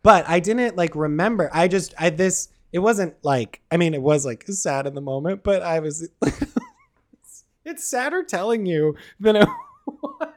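Animated, self-mocking man podcaster. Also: high-pitched, a little slow. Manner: animated storytelling, frequent "like" fillers; self-mocking, laughs at himself. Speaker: podcast co-host. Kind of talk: casual chat.

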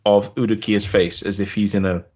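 Rambling man with a low voice. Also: flat delivery, a little fast, a little mellow, husky, soft background music. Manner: rambling, laughs often, self-deprecating. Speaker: podcast co-host. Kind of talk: casual film chat. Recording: dull lo-fi sound.

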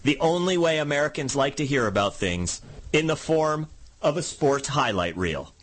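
Slightly high-voiced man hosting comedy banter. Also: sing-song, moderate pace. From Canada. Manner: dry, jokey. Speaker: co-host, comedian and lawyer.

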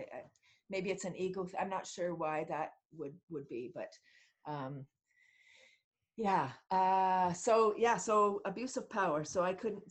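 A middle-aged woman from Canada, a podcast guest telling stories in casual conversation, animated and often laughing as she acts out what people said. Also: fairly low pitch. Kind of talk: casual storytelling in an interview.

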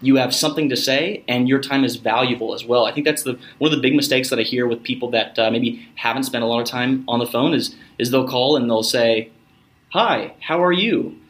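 A man's voice: medium pitch, fairly even intonation, fairly quick, few pauses, fairly bright tone. A man who works in sales, talking earnestly in a casual conversation and sometimes acting out phone calls. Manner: earnest, acts out phone lines. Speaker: guest, salesperson.

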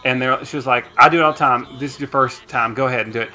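A man rambles through anecdotes as co-host of a casual comedy show. His voice is very bright with a mid pitch. A little music hums underneath. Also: steady tone, very fast, poor audio. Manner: chatty, rambling storyteller.

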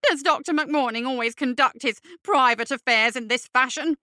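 A man's voice: very high-pitched, moderate pace, pushed and bright, clean tone, dry recording, clean studio sound, full character voice. A woman voicing a thin, cowardly, foppish male bureaucrat in an audiobook, whiny, pompous and fussy. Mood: indignant. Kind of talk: audiobook character voice.

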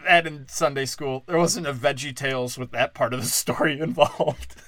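A man with a mid-range, slightly bright voice hosts a podcast, giving an irreverent comedic monologue. He rambles, says "like" constantly, and laughs often.

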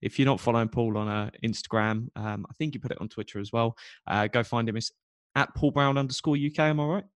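A man's voice: mid-range voice, quick pace, no room sound. A man with a London accent co-hosting a casual podcast, chatty and laid-back with lots of ums. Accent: British, London. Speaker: podcast co-host. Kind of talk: casual chat.

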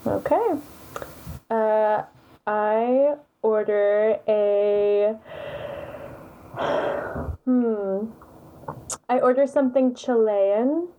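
A woman's voice: on the high side, drawn-out words, pauses often, phone-quality sound. A woman playing a tabletop game who hesitates with fillers and then lays on the charm. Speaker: player.

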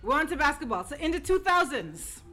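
A high-pitched woman runs a trivia round on a casual group podcast. She teases her friends and laughs as she asks questions. Music plays under the chat. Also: very animated, fairly quick, pushed and bright. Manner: teasing, laughing, quizzing the group. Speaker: podcast co-host asking trivia.

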